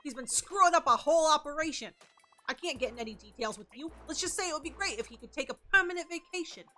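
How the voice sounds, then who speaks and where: A man's voice: very high voice, lively intonation, fast, sharp tone, soft background music, voice pushed up, full character voice. A woman voicing a shady male mob boss who hires a hitman, talking in a tough, conspiratorial way. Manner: conspiratorial, tough-guy talk.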